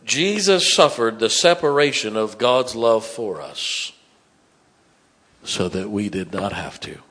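A man preaching a sermon, dropping to hushed tones and rising to loud emphatic bursts. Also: fairly low pitch, lively intonation, takes it slowly. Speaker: pastor.

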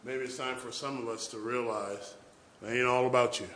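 A middle-aged man preaching a sermon in church, telling a story and swinging from hushed asides to loud emphasis. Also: mid-range voice, steady tone, moderate pace.

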